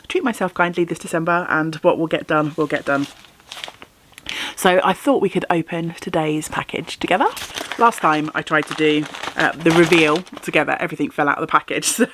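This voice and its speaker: A woman's voice: low voice, slight background noise. A woman chatting casually and enthusiastically in a crafting vlog, talking to the camera at home. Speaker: knitting and spinning vlogger.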